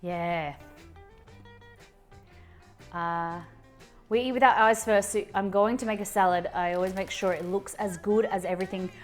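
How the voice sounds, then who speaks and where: Woman chatting away on a cooking stream, lots of ums and restarts, soft music under her. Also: medium pitch, fairly even intonation, moderate pace, long pauses. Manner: chatty, rambling, with frequent fillers and restarts. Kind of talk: casual chat while cooking. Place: home kitchen.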